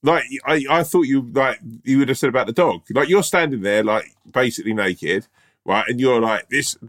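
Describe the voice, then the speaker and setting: A man's voice: medium pitch, normal speed, fairly bright tone. A man in casual podcast chat, teasing and interrupting in a mock-earnest way. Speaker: podcast co-host.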